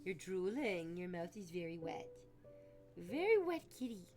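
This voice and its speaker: A woman's voice: lowish voice, big pitch swings, measured pace, a little mellow. A woman livestreamer chatting casually to her viewers, rambling and gushing, at times cooing baby talk to her cat. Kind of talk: casual chat to stream chat. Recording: music playing clearly behind her.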